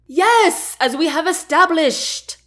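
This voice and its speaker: A woman's voice: on the high side, very animated, a little slow. A woman voicing a smug, condescending male chancellor in a storybook reading, with a haughty, dismissive manner.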